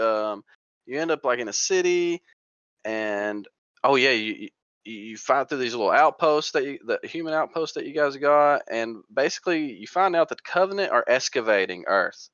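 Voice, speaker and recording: A podcast co-host with a medium-pitched, slightly bright, smooth voice chats casually about gaming, rambling and trailing off, then restarting with lots of ums. He sounds clean in a dry, close space, though the recording is a little dull and muffled.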